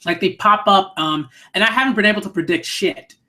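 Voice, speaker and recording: A man's voice: high-pitched, a little fast, bright, forceful tone. Rambling laid-back manga streamer guy. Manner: rambling, full of "like" and swearing. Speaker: manga reviewer streaming a read-through. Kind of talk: casual live-stream commentary.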